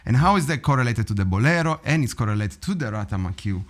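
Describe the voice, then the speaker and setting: A man teaching drum rudiments in a relaxed, animated way, often vocalizing rhythms and laughing. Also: medium pitch, fast. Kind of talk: practice session teaching. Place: drum studio.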